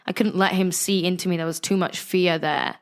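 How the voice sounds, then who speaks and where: A young woman from the West Country of England with a West Country accent, talking candidly as an interview guest, animated and frank, swearing freely. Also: lowish voice, fairly quick. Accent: West Country English.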